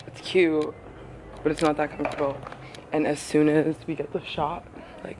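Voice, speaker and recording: A woman chatting casually to camera on a holiday trip, excitable and full of slang. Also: sits low, moderate pace, noisy background. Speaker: travel vlogger. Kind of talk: casual vlog chat to camera. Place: outdoors on a holiday island.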